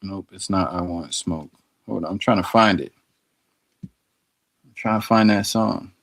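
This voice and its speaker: A man with a lowish voice talks unhurriedly on a casual live stream. He thinks out loud, repeating and sounding out words as he works through them, and addresses his viewers directly. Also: unhurried, vocal fry. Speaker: streamer studying Arabic.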